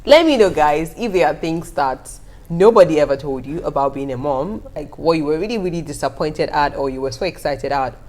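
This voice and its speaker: A young woman, telling stories to her viewers in a casual vlog with an animated, laughing manner. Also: low-pitched, brisk. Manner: animated, laughing often, talking straight to viewers. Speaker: vlogger. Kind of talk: casual storytelling to camera.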